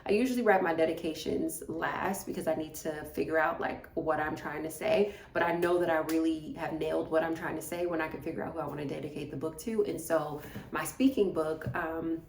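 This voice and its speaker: A woman's voice: sits low, steady tone, a little fast, vocal fry, slight background noise. A woman vlogging casually about her writing day, rambling and restarting her sentences. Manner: rambling, with repeated words and restarts. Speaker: self-published author vlogging her writing days. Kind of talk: casual talking-to-camera vlog. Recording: echoey room.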